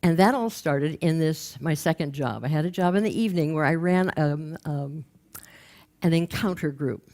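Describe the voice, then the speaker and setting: Deep-voiced older woman telling a story. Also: normal speed. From Los Angeles, USA. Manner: humorous, lively storytelling with quoted voices. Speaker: speaker. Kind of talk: storytelling stage talk. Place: stage before a live audience.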